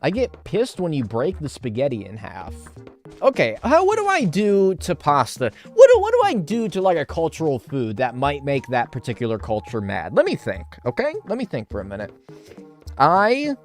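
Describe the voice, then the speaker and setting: A man's voice: on the high side, huge pitch swings, moderate pace, soft background music. A man streaming a game, reading chat aloud and riffing on it with casual swearing.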